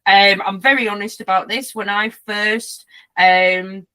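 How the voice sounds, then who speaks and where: A woman's voice: medium pitch, steady tone, a little slow, pushed and bright, clear, resonant tone. A young woman hosting a casual chat, telling stories and acting out quotes. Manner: chatty, acts out quotes in voices. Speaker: host.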